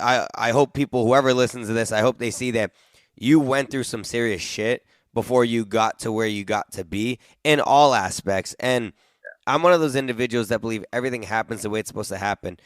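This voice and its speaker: A man's voice: mid-range voice, clear, resonant tone, dry recording. A man hosting a podcast who sums up his guest's story and praises him in a casual, encouraging way. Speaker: podcast host. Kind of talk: casual interview chat.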